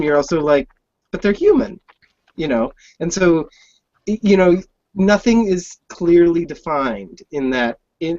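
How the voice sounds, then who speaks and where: Enthusiastic higher-voiced male host. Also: darkish tone. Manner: enthusiastic, stumbling restarts. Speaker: podcast host. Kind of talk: podcast interview chat. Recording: dull, dry lo-fi audio.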